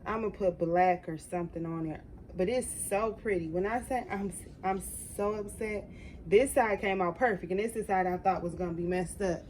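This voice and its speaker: A woman's voice: mid-range voice, normal speed, darkish tone, slight background noise, rough recording. A young adult woman chatting casually to her viewers while working on a craft project, reacting openly as she goes. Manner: chatty, talks to viewers as "y'all", emotional reactions. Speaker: crafting vlogger.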